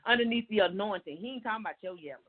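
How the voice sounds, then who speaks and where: A woman's voice: medium pitch, racing, a crowd in the background. A woman hosting a talk show, chatting in an emphatic, folksy, encouraging way. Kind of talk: casual talk show conversation. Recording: tinny phone line with faint noise.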